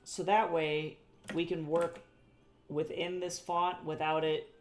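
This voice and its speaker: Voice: medium pitch, flat delivery, slow pace, faint music behind. Chatty rambling artist on a live stream. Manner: chatty and rambling, with frequent self-corrections and repeated phrases; swears casually and laughs at own jokes. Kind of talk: casual live-stream chat while drawing.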